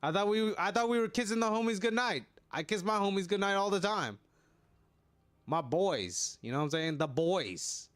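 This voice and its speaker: Lively, excitable male streamer. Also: sits high, moderate pace, clear, resonant tone. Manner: excitable, laughing, swearing banter with chat. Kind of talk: casual live-stream chat.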